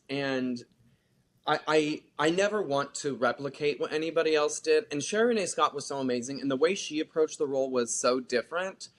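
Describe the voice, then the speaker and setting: A theater actor chatting as a guest in a casual interview, animated and talkative, with lots of filler "like". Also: medium pitch.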